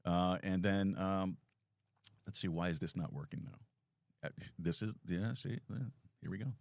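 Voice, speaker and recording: A man's voice: low-pitched, a little slow, vocal fry, no echo. A man hosting a live talk show from a small studio, telling a rambling self-deprecating story with many restarts.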